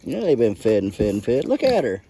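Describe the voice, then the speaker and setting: A man's voice: mid-range voice, huge pitch swings, fast, warm tone, a little hiss or hum. A man who keeps pigs on a homestead, chatting in a playful, teasing way to his animals outdoors. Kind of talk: casual vlog chat. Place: outdoor pig pen on a farm.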